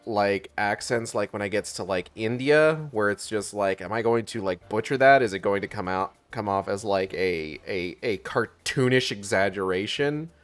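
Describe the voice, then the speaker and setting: A man streaming a video game, talking casually in a rambling way with lots of fillers and some swearing. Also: medium pitch. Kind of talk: casual let's-play commentary.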